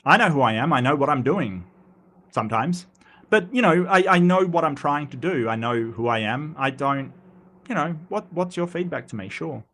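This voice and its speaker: A man's voice: on the high side, lively intonation, fairly bright tone. An Australian man hosting a live commentary stream, reading chat comments and answering them. He talks bluntly and wryly, often restarting his sentences. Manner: halting, many restarts, blunt and wry.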